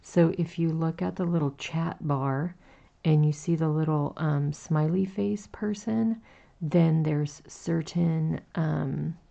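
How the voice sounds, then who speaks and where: A woman in her forties hosts a crochet livestream, talking in a slow, gentle, chatty way with lots of little fillers as she reads out the chat. Her voice is very low, gravelly and raspy, with a warm, dark tone. The stream audio sounds dull and lo-fi. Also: fairly even intonation. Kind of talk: casual chat while crocheting.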